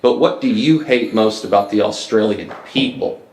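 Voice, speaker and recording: Low-voiced deadpan male podcast host. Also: normal speed, a little hiss or hum. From Mississippi, US. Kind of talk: casual comedic chat. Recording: echoey room.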